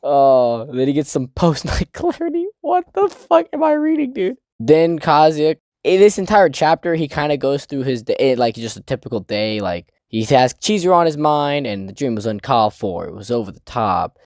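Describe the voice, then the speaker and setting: A man's voice: medium pitch, sing-song, moderate pace, hardly any pauses, darkish tone, no room sound, studio quality. Rambling, profane man reviewing manga. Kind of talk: casual chapter review.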